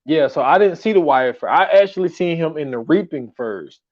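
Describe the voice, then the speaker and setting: Podcast co-host, fairly high male voice, laid-back chatty delivery, dull lo-fi recording. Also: expressive, normal speed, a little mellow. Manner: laid-back, heavy use of "like". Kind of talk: casual chat. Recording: slightly dull lo-fi sound.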